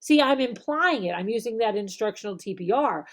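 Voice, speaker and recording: A woman, an online English teacher explaining classroom techniques, often acting out slow, exaggerated example phrases and checking in with "okay?". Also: fairly high pitch, animated. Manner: demonstrates phrases slowly and exaggerated, tags "okay?". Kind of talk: instructional video talk.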